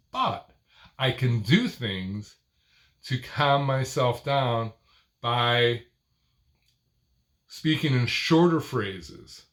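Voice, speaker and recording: An older man teaching speech technique, talking in short, deliberate phrases with a stressed word near the end of each one. His delivery is expressive and almost sing-song. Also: medium pitch. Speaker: speaking coach. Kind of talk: instructional talk to camera.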